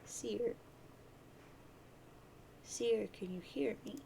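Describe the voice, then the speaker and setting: A cryptic, doting old grandmother, put on by a woman reading a webcomic aloud. She speaks in a high, sing-song voice that sounds set back and distant, with a faint hiss of noise underneath. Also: extremely slow, gravelly, mellow, exaggerated voice.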